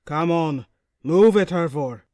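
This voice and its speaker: A woman's voice: low-pitched, slow, dry recording, studio quality. A woman playing a fierce Viking skipper. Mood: shouting. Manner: shouted orders. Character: harsh male Viking skipper, commanding and fierce.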